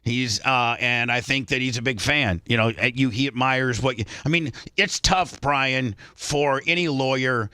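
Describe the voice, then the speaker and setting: A man's voice: mid-range voice, unhurried, few pauses, sharp tone, smooth, no room sound, clean studio sound. A man hosting a radio talk show, telling stories in a rambling way with lots of restarts. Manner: rambling storyteller with many restarts.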